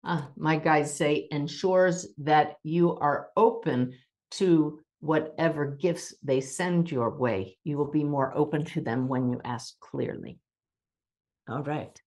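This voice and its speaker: Low-voiced woman, calm spiritual podcast host. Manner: calm, measured, slows down deliberately at times; gentle, reassuring.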